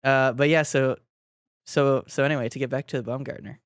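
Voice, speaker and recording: A man co-hosting a podcast, chatting casually about sports, laughing often and acting out shouted quotes. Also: mid-range voice, fairly even intonation, brisk, smooth, no room sound, studio quality. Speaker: podcast co-host.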